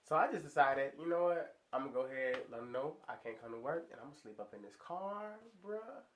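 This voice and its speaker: A young man telling a story to his viewers in a casual, slangy, animated way, sounding stuffy from a sinus infection. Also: fairly quick. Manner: animated, slangy, acts out high squeaky voices in quotes. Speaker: vlogger.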